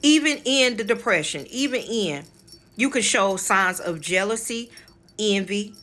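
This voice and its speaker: A woman with a bright, forceful voice tells a personal story straight to her viewers in a casual vlog. She is frank and emphatic, calls her audience y'all, and swears freely. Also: medium pitch, lively intonation, a little slow. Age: adult, married with children. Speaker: spiritual channel host.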